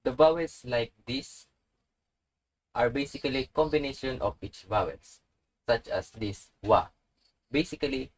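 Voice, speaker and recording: A man teaching a language tutorial, pronouncing each letter slowly and repeating it with example words. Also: medium pitch, poor audio. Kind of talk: slow instructional tutorial.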